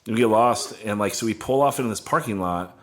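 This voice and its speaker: A man's voice: lowish voice, fairly quick. A man in casual podcast chat, rambling through a tour story with constant "like" fillers.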